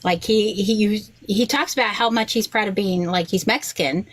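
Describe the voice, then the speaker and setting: Woman, forties, rabbi, casual podcast guest, lively storyteller, voices her son in the quotes. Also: normal speed, low-quality recording. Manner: animated storyteller, quotes others with big pitch jumps.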